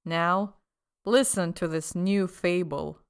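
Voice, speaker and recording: A cold, scheming male official from an audiobook who mocks as he threatens, as a woman reader puts him on. His voice sits fairly low and sounds smooth and resonant. Every word carries sly force. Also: measured pace. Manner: sly, half-mocking, forceful. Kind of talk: audiobook character voice.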